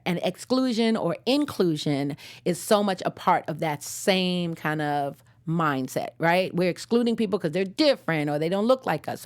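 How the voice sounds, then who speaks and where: A young adult woman hosting a casual episode recap, slangy and digressive, laughing at her own jokes. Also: medium pitch. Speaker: show host.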